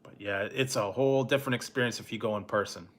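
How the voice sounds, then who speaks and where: A middle-aged man hosting a late-night live stream, telling a rambling, laid-back story with soft chuckles and answering chat. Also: fairly low pitch, fast talker. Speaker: food review channel host.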